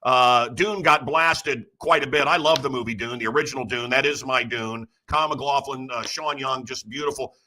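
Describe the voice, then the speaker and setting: A man's voice: mid-range voice, fairly even intonation, moderate pace, hardly any pauses, sharp tone. A middle-aged man hosting a show, rambling through opinionated stories and acting out the voices of people he quotes. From Chicago area. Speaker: radio host. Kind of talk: casual opinionated monologue.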